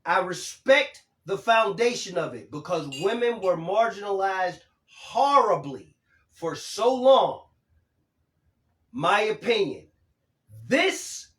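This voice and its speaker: A man's voice: high-pitched, big pitch swings, takes it slowly, a bit bright, reverberant. A man in his fifties hosting a casual livestream, talking emphatically and swearing casually as he reads and answers viewer comments. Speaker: livestream host.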